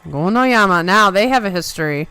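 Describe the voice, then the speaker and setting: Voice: medium pitch, normal speed, a bit bright, smooth, dry recording. A live-stream host giving emotional reaction commentary, gushing over the moment and chatting with viewers.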